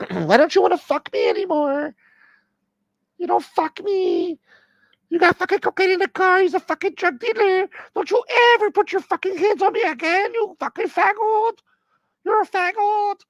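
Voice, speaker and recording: A man doing a shrill falsetto pop diva. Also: moderate pace, dry recording, highs cut off. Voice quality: high falsetto, shrieking. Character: shrill demanding female pop star, impression.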